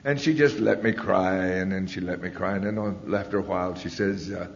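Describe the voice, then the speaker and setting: A man's voice: low-pitched, steady tone, brisk, gravelly. A man giving a live personal testimony talk, telling his story in a folksy, candid way with fillers, at a podium microphone. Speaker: speaker sharing his story. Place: large convention hall. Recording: long hall reverb, dull lo-fi 1990s tape.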